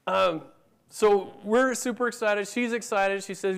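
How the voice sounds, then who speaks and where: In a conference room, a middle-aged speaker with a high, clean-toned voice recounts a family story at normal speed, performing the dialogue of his relatives.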